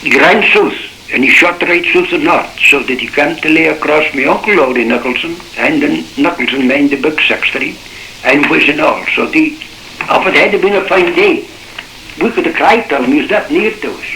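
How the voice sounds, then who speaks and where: An older man with a Shetland accent tells his story in a rambling, dialect-rich way, breaking off and starting over. His voice is bright and a little high for a man. The old cassette recording sounds roomy, with a faint hiss underneath. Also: normal speed. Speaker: shipwreck survivor. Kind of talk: oral history reminiscence.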